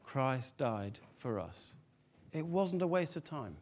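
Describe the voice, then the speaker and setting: A man preaching a sermon to a family congregation, lively and animated, often asking the room questions. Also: medium pitch, slow.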